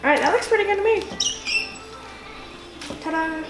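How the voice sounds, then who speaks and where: A woman's voice: extremely high pitch, expressive, very fast. A tipsy woman hosting a casual cooking video, crude and giggly with lots of swearing. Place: home kitchen. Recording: echoey room with faint music.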